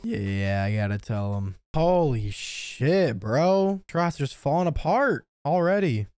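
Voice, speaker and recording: A young man reacting to an anime, excitable and profane, with lots of slang. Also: a little high, slow, clear, resonant tone, no echo, studio quality. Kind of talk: casual reaction commentary.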